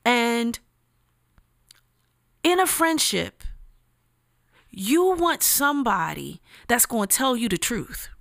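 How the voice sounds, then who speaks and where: Woman, bright fry-tinged voice, unhurried emphatic devotional delivery, dry close sound. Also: a little high, very animated, no room sound. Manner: earnest and emphatic, with casual slang and repetition. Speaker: speaker giving a devotional message. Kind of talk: motivational devotional talk.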